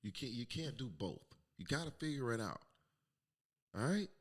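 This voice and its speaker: A middle-aged man hosting his own podcast, telling a raw, emotional personal story with plenty of profanity and sometimes dropping to a hush. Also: mid-range voice, very animated, moderate pace. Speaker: podcast host. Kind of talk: candid personal monologue.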